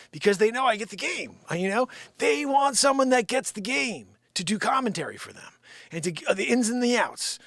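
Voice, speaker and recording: A man's voice: a little high, very animated, normal speed, creaky, fairly bright tone, dry recording. A man hosting a live stream, rambling through an improvised comic monologue, bickering with an off-screen partner and dropping into muttered, whispered asides.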